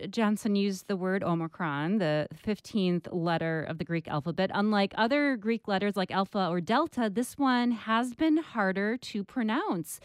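A woman's voice: medium pitch, no room sound, studio quality. A woman hosting a radio interview, asking composed questions. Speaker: radio host.

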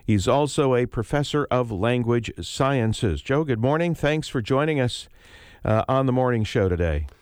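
A man hosts a public radio morning show from the studio, easygoing and chatty. His pitch moves around a lot as he talks. The close microphone leaves his voice dry with no room sound. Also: normal speed, smooth, no echo. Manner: relaxed, conversational, frequent uh fillers. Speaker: radio talk show host.

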